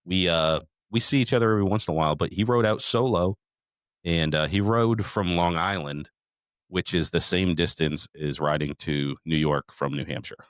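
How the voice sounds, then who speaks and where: Middle-aged male podcast host, deep voice, dry close mic, profane rambling storyteller. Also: normal speed, no echo. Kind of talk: casual recap chat.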